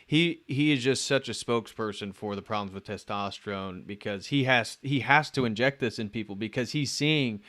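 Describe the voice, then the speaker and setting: A man's voice: medium pitch, normal speed, few pauses, fairly bright tone. A man hosting a casual conversation in an easygoing, conversational way. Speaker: host.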